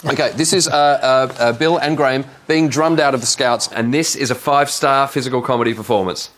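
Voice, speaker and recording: A man's voice: medium pitch, a little fast, fairly bright tone. A man hosting a talk show, chatting eagerly with a guest he admires. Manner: enthusiastic, eager fan of the guest. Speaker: host. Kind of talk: casual chat show interview.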